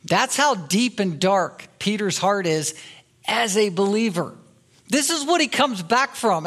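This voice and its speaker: A middle-aged man delivers a sermon in a notably high voice. He preaches earnestly and drives each point home by repeating it. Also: fairly bright tone. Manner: earnest expository preaching with emphatic repetition. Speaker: pastor.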